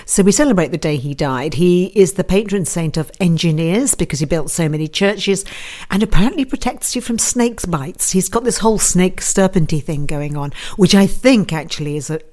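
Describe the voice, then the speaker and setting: A woman's voice: on the low side, animated, moderate pace, a little mellow. A woman hosting a live online radio show, chatting in a rambling, self-deprecating way as she greets listeners. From United Kingdom. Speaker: radio host and psychic advisor. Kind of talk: casual live radio chat.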